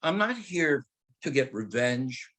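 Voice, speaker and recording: Husky older man, teacherly storyteller. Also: mid-range voice, sing-song, takes it slowly, fairly bright tone. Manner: teacherly, joking, asks rhetorical questions. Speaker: speaker and author. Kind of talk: storytelling talk.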